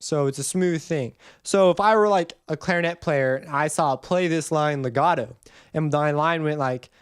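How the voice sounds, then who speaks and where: A man giving a casual music theory lesson, rambling and correcting himself as he goes, and humming the notes out loud. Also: on the high side, moderate pace, clear, resonant tone, no room sound, clean studio sound. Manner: rambling, self-correcting, hums and counts notes aloud. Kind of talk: casual screen-recorded tutorial.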